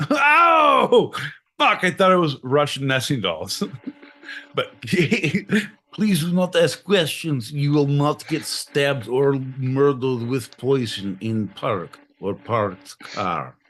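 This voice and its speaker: A man co-hosting a live podcast from Southern California, profane, loud and given to laughing and theatrical outbursts. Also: medium pitch, lively intonation, slow. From United States. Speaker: podcast co-host. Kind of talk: casual live podcast banter.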